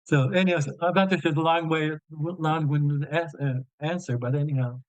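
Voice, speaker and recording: A man's voice: on the high side, steady tone, normal speed, no room sound, muffled recording. A man, who stutters openly with many repeated sounds and fillers as a guest speaker in an online Q&A. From Newfoundland and Labrador, Canada. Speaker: guest speaker and radio show host. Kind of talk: conversational answer in an online Q&A.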